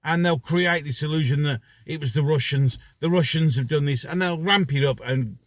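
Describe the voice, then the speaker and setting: A man's voice: fairly high pitch, moderate pace, no echo. Sarcastic man ranting. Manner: sarcastic, mocking, rhetorical questions. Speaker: vlogger. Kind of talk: ranting commentary.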